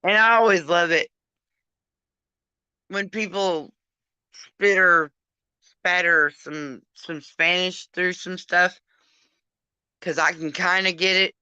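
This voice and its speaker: A woman's voice: on the low side, fairly even intonation, takes it slowly, long pauses, pushed and bright, clear, resonant tone, no room sound, dull audio. A drunk woman hosting a casual live chat, rambling, affectionate and crude as she calls on her friends. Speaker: live stream host.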